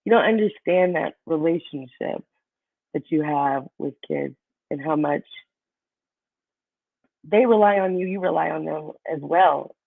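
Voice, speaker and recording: Telling stories about her students in a casual interview, this Kansas City-area teacher from the US speaks in a low, creaky voice. She is unhurried and pauses often, but stays animated, laughing a lot and acting out the kids' voices. The call audio is tinny and has no echo.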